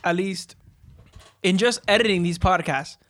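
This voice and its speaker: A man's voice: sits high, measured pace, a bit bright. A young man with a Miami accent, a podcast co-host chatting in an easygoing, giggly way. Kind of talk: casual chat.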